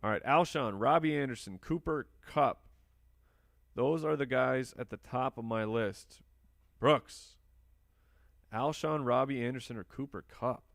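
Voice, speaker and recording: A man's voice: mid-range voice, unhurried, creaky, pauses often, no echo, studio quality. A man hosting a live fantasy football stream, chatting casually and answering viewer questions while he drafts. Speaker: fantasy football podcast host.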